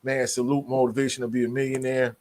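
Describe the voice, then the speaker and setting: A man's voice: mid-range voice, little pitch movement, quick pace, darkish tone. A man hosting a livestream about college football, talking in a casual, slangy way and greeting viewers in the chat. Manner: laid-back, slangy, greets chat members. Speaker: sports livestream host. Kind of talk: casual live sports talk.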